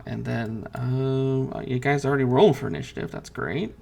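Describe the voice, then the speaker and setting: A man's voice: medium pitch, normal speed, gravelly, hardly any pauses, a little mellow. A man running a tabletop game as game master, hesitant with many fillers and restarts.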